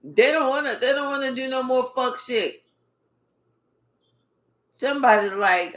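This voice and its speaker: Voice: sits high, measured pace, long pauses, a bit bright. A spiritual reader giving a casual reading in a blunt, profane, repetitive way. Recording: echoey room.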